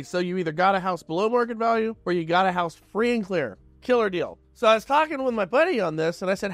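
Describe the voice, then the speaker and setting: A man with a fairly high voice tells a long story straight to the listener, casual and lively, playing out both sides of the conversations as he goes. The sound is dry and close, with no room around it. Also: no room sound. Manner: conversational, animated retelling with quoted dialogue. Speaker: real estate show host.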